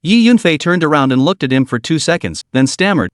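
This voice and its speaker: A man's voice: on the high side, lively intonation, a little fast, dry recording, clean studio sound. A man narrating a comic story recap in a scripted storytelling style, voicing every character himself.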